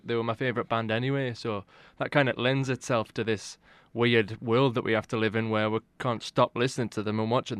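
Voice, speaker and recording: A man's voice: on the low side, a bit bright, smooth, no echo. A young man from England in a tribute band, talking reflectively in an interview. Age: young adult.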